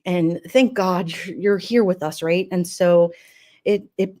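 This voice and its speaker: A woman with a slightly low voice talks casually on a livestream. Her words ramble and loop back, full of feeling and on the edge of tears. She stops now and then to read chat comments aloud. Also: a little slow, darkish tone. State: emotional. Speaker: livestream host. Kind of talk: casual livestream memorial talk.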